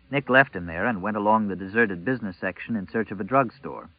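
A man narrating a novel as an audiobook, in a measured, even storytelling manner. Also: on the low side, no echo, narrow, tinny audio.

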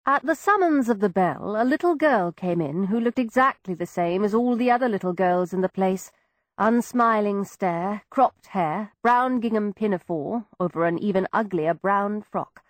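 Woman reading an old-timey story, lively up and down voice, dry close sound. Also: medium pitch, dry recording. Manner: expressive, measured period storytelling. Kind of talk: audiobook narration.

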